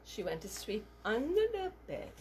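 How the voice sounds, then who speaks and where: Teacher lady telling a story to kids, bouncy up-and-down voice, bit husky. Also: fairly high pitch, normal speed. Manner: animated, asks the children questions. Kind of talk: storytelling for children.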